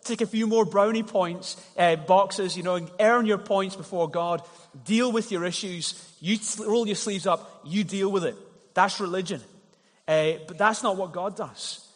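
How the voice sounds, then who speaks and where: Higher-voiced pastor in a reverberant church. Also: male voice, measured pace. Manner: conversational storytelling, repeats words when starting a thought. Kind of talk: sermon. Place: church hall. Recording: long reverb of a church hall.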